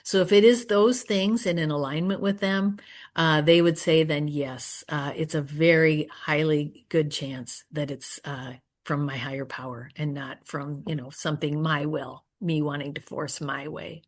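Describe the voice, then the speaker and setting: A woman speaking at a recovery meeting, earnest and prayerful, often trailing off softly and pausing to search for words. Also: sits low, fairly even intonation. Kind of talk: personal share and Q&A answer.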